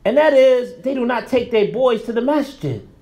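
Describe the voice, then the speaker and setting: Animated, high-voiced man teaching religion. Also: moderate pace. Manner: animated, colloquial, emphatic preaching. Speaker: Islamic teacher. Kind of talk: religious lesson.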